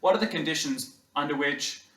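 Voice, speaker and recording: A male lecturer talks to a class in a slightly high, conversational voice, halting now and then. The hall is roomy and echoey. He is recorded from a distance. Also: fairly bright tone. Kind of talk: university lecture.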